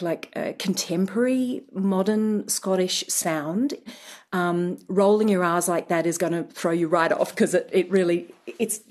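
A woman dialect coach explaining accents in a radio interview, measured and careful. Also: fairly low pitch, darkish tone.

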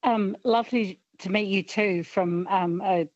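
A woman's voice: mid-range voice, unhurried, no echo, highs cut off. A woman in her fifties calling a radio show, hesitant and self-deprecating, full of fillers. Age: 50s. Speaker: caller. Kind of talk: casual call-in chat. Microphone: phone line.

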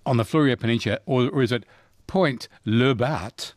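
A man's voice: moderate pace, dry recording. Upbeat Australian male radio host. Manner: chatty, jumps to high excited pitch when cheering callers. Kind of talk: talkback radio quiz. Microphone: studio microphone.

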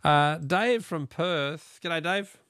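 A man's voice: fairly high pitch, takes it slowly, fairly bright tone, dry recording, studio quality. A middle-aged Australian man hosting a talkback radio quiz, chatty and joking with callers. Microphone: studio microphone.

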